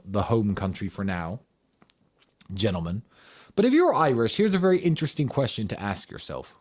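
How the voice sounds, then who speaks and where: Low-voiced guy ranting hard, swears a lot, pitch jumping all over the place. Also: darkish tone. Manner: emphatic, combative, profane; rhetorical questions in bursts. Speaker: speaker answering audience questions. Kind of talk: impassioned monologue.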